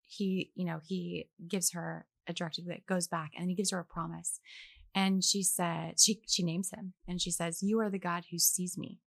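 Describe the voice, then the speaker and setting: Young woman guest, bit low and gravelly, lively, does little voices in her stories, dry close mic. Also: moderate pace, dry recording. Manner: animated, acts out quoted voices. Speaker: guest, actress. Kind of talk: casual faith conversation.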